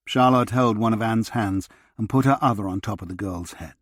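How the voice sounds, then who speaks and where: A man reading a historical novel aloud as narrator, in a measured, expressive way. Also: lowish voice, no room sound, studio quality. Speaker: audiobook narrator. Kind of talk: scripted narration.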